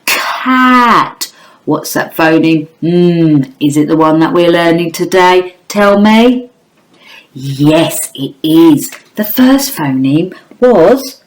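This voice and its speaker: Slow, encouraging woman teacher. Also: lowish voice, a little mellow. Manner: slow, clear, sounding out phonemes with sing-song emphasis; encouraging, addresses children and parents directly. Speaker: phonics teacher. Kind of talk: online phonics lesson for young children.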